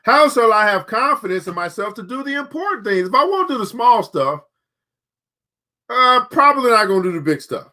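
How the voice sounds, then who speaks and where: Man, high voice, bright tone, preachy motivational host, talks straight to listeners, repeats phrases. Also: big pitch swings, brisk. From United States. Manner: colloquial, addresses listeners directly. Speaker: show host. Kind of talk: motivational commentary with book reading.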